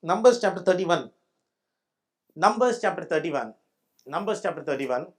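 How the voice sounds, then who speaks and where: A man's voice: high-pitched, big pitch swings, normal speed. A male pastor with an Indian English accent preaching a sermon in church. He speaks emphatically, repeats his points, and keeps checking that the congregation understands.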